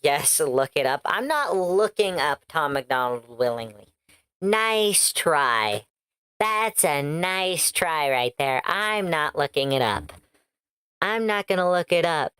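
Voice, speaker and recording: A woman's voice: sits low, lively intonation, slow pace, fairly bright tone, clear, resonant tone, no room sound. A woman streaming reaction commentary, blunt and sarcastic, swearing freely.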